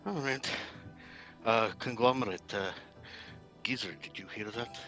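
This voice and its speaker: A man's voice: mid-range voice, measured pace, a bit bright, faint music behind. A man playing a tabletop game, speaking in formal, wordy phrases broken by hesitant fillers. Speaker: player. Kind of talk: casual tabletop game play.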